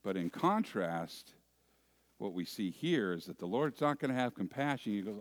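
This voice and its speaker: A man preaching a sermon, deliberate, lifting key phrases with emphasis and dropping into quiet asides. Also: on the low side, big pitch swings. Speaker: pastor.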